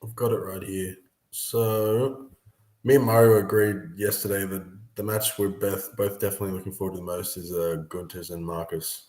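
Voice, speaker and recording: A young man, an arm wrestler, chatting casually and laughing often between halting sentences. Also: sits low, fairly even intonation, a little mellow. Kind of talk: casual podcast chat. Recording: roomy echo.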